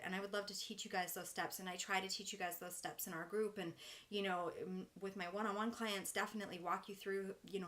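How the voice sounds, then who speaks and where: A woman's voice: mid-range voice, fairly bright tone. A young adult woman, a life coach, talking earnestly and encouragingly straight to her viewers, with lots of "you know" and "like". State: emotional. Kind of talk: heartfelt direct-to-camera talk.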